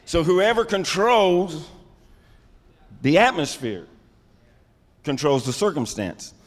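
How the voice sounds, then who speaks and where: A middle-aged man preaching a sermon, calling out to the congregation and rising into loud, emphatic bursts. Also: on the high side, big pitch swings, takes it slowly, long reverb tail. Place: church sanctuary.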